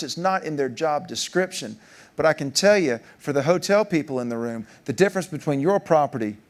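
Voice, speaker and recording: A man, giving a keynote speech as a joking storyteller, his voice jumping up for punchlines. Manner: animated, jokey storyteller, pitch jumping up for punchlines. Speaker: keynote speaker. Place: large conference hall.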